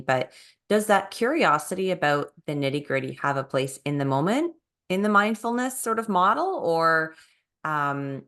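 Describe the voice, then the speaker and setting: A woman host with a deep, low voice. She paraphrases her guest's points in a reflective way, then asks a considered follow-up question. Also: animated, normal speed, a bit bright. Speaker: interview host. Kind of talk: interview questions.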